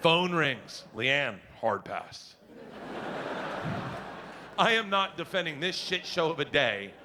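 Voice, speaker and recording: A man telling a stand-up story, loud and animated, shouting as he acts out lines. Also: fairly high pitch, takes it slowly, background noise. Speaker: stand-up comedian.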